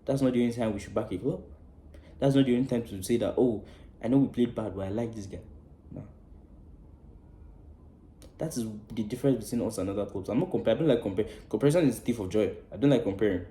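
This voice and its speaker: A man hosting a football fan channel, delivering a passionate, preachy match-reaction rant that swears freely and swings between loud outbursts and hushed asides. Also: on the low side, roomy sound, slight background noise.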